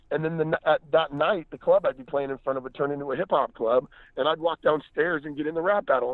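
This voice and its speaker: A man's voice: on the high side, no room sound, phone-quality sound. A man, a comedian and battle rapper, chatting casually in slangy, jokey talk on a podcast. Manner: laid-back, slangy, jokey. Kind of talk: casual podcast chat and freestyle rap battle.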